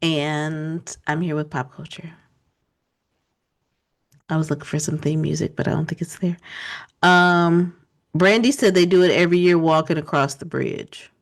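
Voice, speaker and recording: A woman co-hosting a casual online talk show, chatty and relaxed, with frequent quick affirmations. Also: low-pitched. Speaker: co-host. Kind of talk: casual livestream chat.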